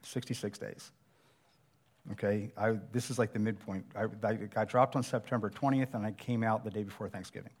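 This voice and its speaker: A man's voice: lowish voice, steady tone, a little fast. A middle-aged man preaching a sermon, telling a personal survival story in a conversational, self-deprecating way.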